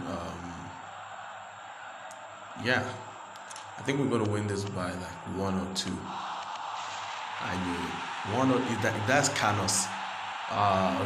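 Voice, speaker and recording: Man from Nigeria, chatty gaming commentator; low voice, echoey room. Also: very noisy. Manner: chatty, rambling, quick to get excited. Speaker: gaming video creator. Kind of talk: casual gameplay commentary. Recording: roomy echo.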